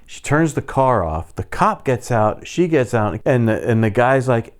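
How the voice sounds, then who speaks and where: A man in his fifties casually telling a personal story, lively and full of mimicked sounds and voices. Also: medium pitch, a little slow. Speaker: storyteller vlogger.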